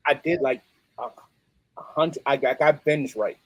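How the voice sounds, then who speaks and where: Husky New man, animated storyteller. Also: mid-range voice, unhurried, no echo, poor audio. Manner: animated, streetwise, peppered with "you know what I mean". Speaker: guest musician and producer. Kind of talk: casual interview storytelling.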